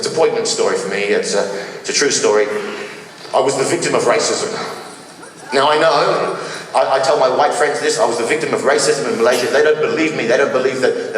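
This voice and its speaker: Stand-up comic in an echoey hall. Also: male voice, medium pitch, a little hiss or hum. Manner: deadpan storytelling, mimics local speakers. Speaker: stand-up comedian. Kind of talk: stand-up routine with put-on accents. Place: live charity concert hall. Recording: echoey hall, distant mic.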